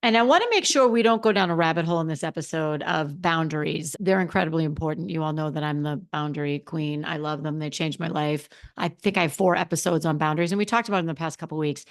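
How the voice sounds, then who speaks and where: A woman's voice: low voice, fast talker, few pauses. A woman hosting a solo podcast as a confidence coach, talking emphatically with lots of repeated phrases and restarts. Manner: self-described extrovert, expressive.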